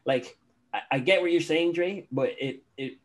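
A man's voice: on the high side, moderate pace. A man in casual chat who laughs a lot and acts out what coworkers say. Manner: laughs often, acts out quotes.

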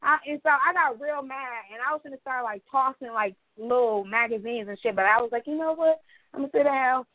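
Animated young woman telling stories. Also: sits high, fairly quick, no room sound. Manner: animated storytelling, swears freely, acts out quotes. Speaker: podcast co-host. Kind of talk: casual chat. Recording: dry, phone-like sound.

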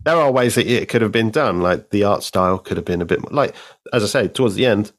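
A male podcast guest in casual chat about comics, speaking in a measured, thoughtful way with drawn-out phrases. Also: lowish voice, animated, slight background noise. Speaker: podcast guest, co-host of another show.

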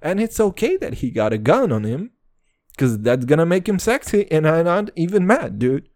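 A young man rambles through a casual solo podcast in crude, swaggering slang. His voice swings widely, dropping into low mutters and jumping into high, excited bursts. He keeps calling the listener "dude.". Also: moderate pace. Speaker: podcast host.

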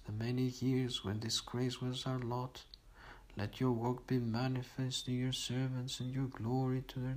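A man reading liturgical morning prayers aloud in a steady, measured recitation. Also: mid-range voice, poor audio. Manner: steady monotone recitation on one note. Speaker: liturgical reader.

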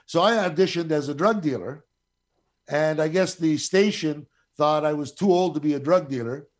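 A man's voice: a little high, moderate pace. A middle-aged man telling a long anecdote in casual talk, swearing freely and acting out the other people's lines. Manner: profane, animated, acts out quoted voices. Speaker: guest storyteller.

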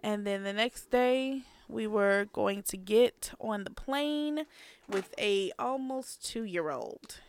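A woman's voice: mid-range voice, animated, slow, smooth. A woman co-hosting a podcast, telling a story in a blunt, casual way with some swearing. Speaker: podcast co-host. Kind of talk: casual chat.

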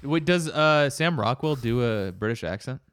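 A man's voice: medium pitch, expressive, a bit bright, smooth, no echo. Easygoing man, dry close sound. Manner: easygoing, quick to laugh. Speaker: podcast co-host. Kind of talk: casual podcast chat.

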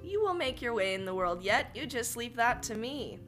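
A woman's voice: on the high side, very animated, normal speed, fairly bright tone, soft background music. A woman voicing a loyal magical winged horse who speaks formally and reassures his master. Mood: reassuring.

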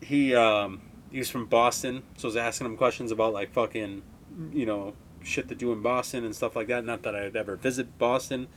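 A man's voice: mid-range voice, fairly even intonation, brisk, a little hiss or hum. A man in his twenties from Wisconsin, hosting a podcast and telling stories in a rambling, heavily profane, laid-back way. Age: 20s. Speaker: podcast host. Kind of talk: casual storytelling monologue.

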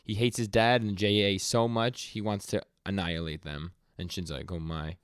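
This young man co-hosts a podcast, his voice sitting low with a steady, clean tone and recorded in a clean studio without echo. Chatting casually about manga, he relays comic scenes in rapid quoted lines, stammering and stumbling frequently.

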